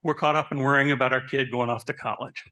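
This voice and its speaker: A man who works as a therapist, giving a lively talk to an audience, asking them questions and telling stories about his own life. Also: medium pitch, quick pace. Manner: animated, asks the audience questions; personal anecdotes, conversational. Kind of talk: live presentation to an audience.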